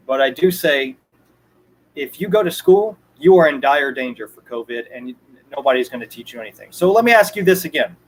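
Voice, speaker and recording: Emphatic high-voiced young man ranting. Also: rough recording. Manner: emphatic, repeats himself, swears. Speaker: streamer. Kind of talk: ranting livestream monologue.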